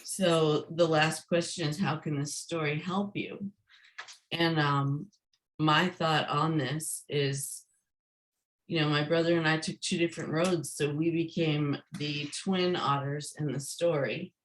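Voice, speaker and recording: A woman's voice: deep voice, steady tone, slow pace, poor audio. A woman author being interviewed, speaking in a forthright, emphatic way. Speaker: guest, author. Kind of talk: interview conversation.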